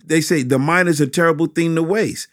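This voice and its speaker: Animated man, a pastor, in a dry room. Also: fairly high pitch, a little fast, dry recording. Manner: animated, preacherly emphasis with repetitions. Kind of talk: interview answers about teaching children.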